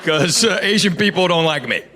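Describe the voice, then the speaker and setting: A middle-aged man from Tennessee with a Southern accent, doing a deadpan stand-up comedy set. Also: high-pitched, normal speed. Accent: East Tennessee Southern. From Knoxville, Tennessee, US. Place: theater stage before a live audience. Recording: echoey live venue with audience noise.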